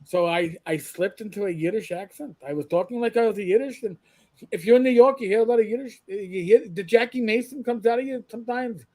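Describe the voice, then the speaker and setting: A man on a casual gaming podcast, telling lively anecdotes and acting out what he and others said. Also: high voice, a little fast. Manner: animated storyteller acting out his own quotes.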